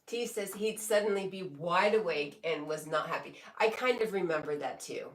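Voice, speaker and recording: A woman live streamer with a low voice chats casually and reads viewer comments aloud, speaking slowly in a relaxed way and giggling often between remarks. She sounds slightly off mic and distant, in a room with noticeable echo.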